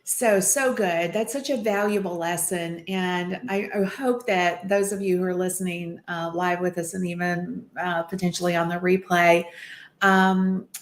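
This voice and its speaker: A woman's voice: lowish voice, steady tone, unhurried. A woman hosting a live show, talking casually and encouragingly with her guest. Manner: encouraging, upbeat. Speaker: podcast host. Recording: echoey room sound.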